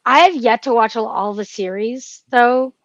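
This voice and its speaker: A woman's voice: a little high, moderate pace, a bit bright, dry recording, dull audio. A woman co-hosting a casual podcast chat, gushing and emotional, with frequent restarts and fillers. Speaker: podcast co-host.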